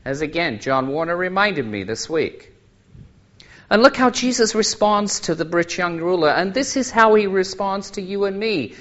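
A man's voice: high voice, big pitch swings, moderate pace, a bit bright. A man, a lay preacher, gives a sermon and tells Bible scenes as vivid stories. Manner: storytelling, dramatizes Bible scenes. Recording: muffled lo-fi recording.

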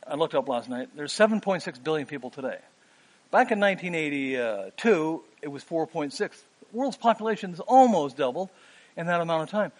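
A man in his fifties preaching a sermon, earnest, pausing with "um" and rising for emphasis. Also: on the high side.

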